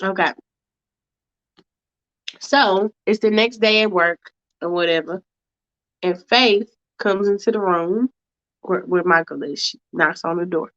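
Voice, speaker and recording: A woman's voice: mid-range voice, a little slow, long pauses, fairly bright tone. A woman narrating a casual fanfiction storytime with chatty, laughing, slangy asides. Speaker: storyteller and show host. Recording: dull lo-fi recording.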